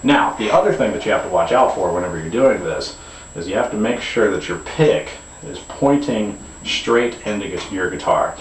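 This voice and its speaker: A deep-voiced man talks through a guitar lesson in an easygoing, unscripted way, stopping to restart his sentences and dropping fillers as he goes. He sounds a few steps from the mic, in an echoey room with a faint hum of ambience behind him. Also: normal speed, recorded from a distance. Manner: relaxed explaining with frequent fillers and restarts. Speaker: guitar teacher. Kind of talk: demonstration lesson.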